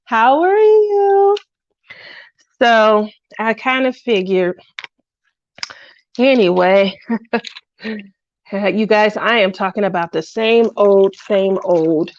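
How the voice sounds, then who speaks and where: Slow, subdued woman chatting on a livestream. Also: mid-range voice, dull audio, slight background noise. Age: middle-aged. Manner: rambling, sighing, greets viewers by name. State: low and lonely. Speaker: craft livestream host. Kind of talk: casual livestream chat.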